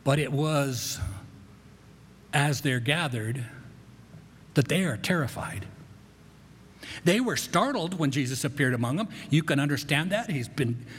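A man delivers a sermon in an easygoing, conversational way, often restarting words and breaking into asides. His voice sits a little high for a man. The sound carries the long reverb of a church sanctuary. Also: expressive, a little slow, long pauses, a bit bright, a little hiss or hum. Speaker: pastor.

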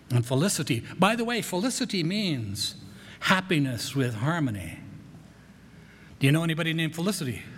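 A man preaching in a church, his voice slightly high for a man and ringing in a long hall echo. He talks in a folksy, conversational way, circling back on his words with a light, joking touch. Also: fairly bright tone. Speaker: pastor. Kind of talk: sermon. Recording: echoey hall.

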